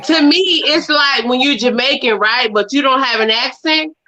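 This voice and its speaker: A woman with a high, bright voice that swings all over as she teases and jokes in a casual show chat. The sound is a little dull and lo-fi. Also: normal speed. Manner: playful, teasing, laughs often.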